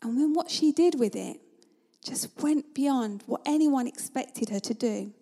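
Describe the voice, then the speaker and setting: A woman preaching a sermon in a conversational, storytelling manner, at times dropping to a hush. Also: high-pitched, a little slow, breathy edge. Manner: conversational, vivid storytelling, sometimes drops to a hush.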